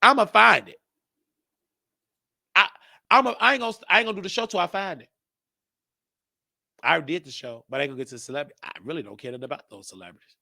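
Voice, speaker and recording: A man's voice: sits high, fast talker, creaky, long pauses, bright, forceful tone, no room sound, clean studio sound. A man hosting his own show, talking casually and rambling, joking and thinking aloud as he goes. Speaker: show host. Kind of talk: casual live-stream monologue.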